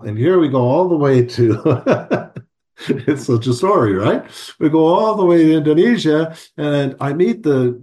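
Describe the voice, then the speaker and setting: Guest: man, middle pitch, rambling storyteller, lots of "uh" and restarts. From United States. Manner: rambling, many fillers and restarts, lively when retelling. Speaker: guest, homeopath. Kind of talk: storytelling in a conversation.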